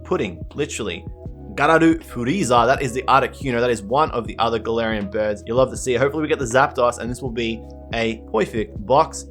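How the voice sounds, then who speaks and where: A man giving pack-opening commentary, gushing and excitable, repeating his catchphrases. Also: medium pitch, quick pace, faint music behind. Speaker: card collector opening packs.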